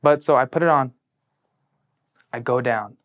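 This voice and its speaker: Recent high school grad, male, medium-pitched clear voice, telling his own story with earnest ups and downs. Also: unhurried. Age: late teens. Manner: earnest storytelling, heavy use of "like", shifting between hushed and excited. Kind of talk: personal testimony in a sit-down interview.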